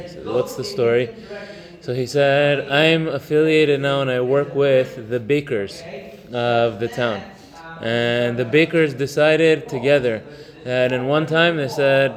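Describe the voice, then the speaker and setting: A man giving an informal Torah lesson, talking conversationally, mixing in Hebrew terms and telling stories with halting fillers. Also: mid-range voice, fairly even intonation. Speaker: Torah class teacher. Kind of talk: informal religious lesson with storytelling.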